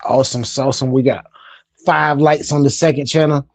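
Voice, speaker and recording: Brief: male streamer, mid-pitched, relaxed and chatty, dry close sound. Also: normal speed, dry recording. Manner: laid-back, chatty, repeats phrases. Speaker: livestream host. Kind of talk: casual live-stream chat.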